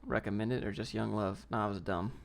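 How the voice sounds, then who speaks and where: A man's voice: on the low side, steady tone, fast, creaky. Young guy on a livestream, brash and slangy, ranting at chat. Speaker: livestream host. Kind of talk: casual livestream chat, reading viewer comments.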